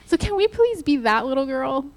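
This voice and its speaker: A woman preaching to a church in a lively, laughing, conversational sermon style. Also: high voice, normal speed. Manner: animated, laughing while retelling, addresses the church directly.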